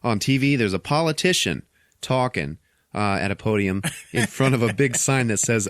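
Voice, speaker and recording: Brief: podcast host, lowish male voice, dry close sound, animated profane recap. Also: normal speed, no echo. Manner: animated retelling, profane, laughs often. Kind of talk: casual movie recap chat.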